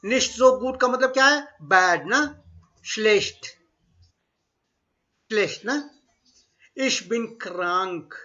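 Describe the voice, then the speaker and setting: A high, bright-voiced man runs an online German lesson. He says each phrase slowly and more than once, then explains it in with bits of Hindi. The audio is dull and lo-fi, like a remote class. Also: lively intonation. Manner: slow repeated model phrases, mixes English and Hindi. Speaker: German language teacher.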